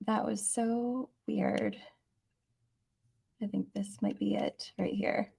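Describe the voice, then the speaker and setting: Excitable rambling woman host. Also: mid-range voice, takes it slowly, gravelly, breathy edge, no echo. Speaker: host of a horror channel. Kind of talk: casual livestream chat.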